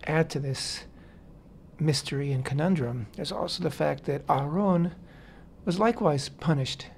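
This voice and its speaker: A man co-hosting a Torah discussion on talk radio, speaking in a measured, hesitant way with frequent fillers. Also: fairly high pitch, creaky, a little hiss or hum. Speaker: radio co-host.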